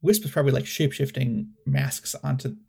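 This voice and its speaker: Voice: medium pitch, fairly even intonation, fairly quick, gravelly, a little mellow, slightly rough. A game master narrating a tabletop game in a loose, chatty way with many fillers.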